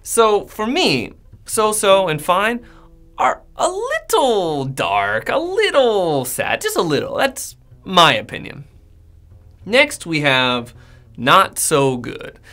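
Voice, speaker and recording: Speaking slowly in a high voice, an American English teacher gives a casual lesson straight to the camera. He acts out sample replies in a friendly, animated way.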